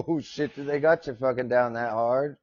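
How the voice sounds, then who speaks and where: A man's voice: mid-range voice, unhurried, a little mellow, no echo, dull audio. A man hosting a casual live podcast from his desk, rambling and joking, swearing casually. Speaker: podcast host. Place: home desk with his dog nearby.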